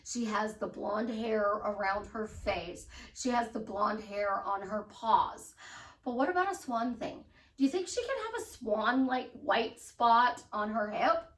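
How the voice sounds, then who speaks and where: A woman with a high voice gives a bubbly motivational talk as a life coach. She acts out excited affirmations as she goes. Her voice sits a little back from the mic in a roomy, echoing space. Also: a little slow, recorded from a distance.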